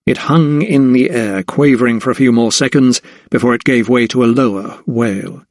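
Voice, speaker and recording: Man narrating a historical mystery audiobook, steady, dry close studio sound. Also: mid-range voice, normal speed, no room sound. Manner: steady, even storytelling. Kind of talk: scripted narration.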